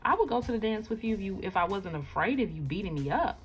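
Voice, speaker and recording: A woman voicing a nervous, joking teenage boy from a webcomic, hurried and sheepish. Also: medium pitch, lively intonation, faint music behind, voice pushed up, lightly acted, poor audio.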